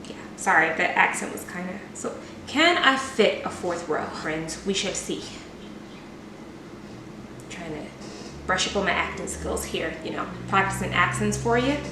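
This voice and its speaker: A woman's voice: on the low side, expressive, measured pace, background noise. Chatty woman in an echoey kitchen. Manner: chatty and playful, self-deprecating. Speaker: cooking vlogger. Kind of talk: casual cooking demo chat. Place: home kitchen. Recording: echoey kitchen, mic at a distance.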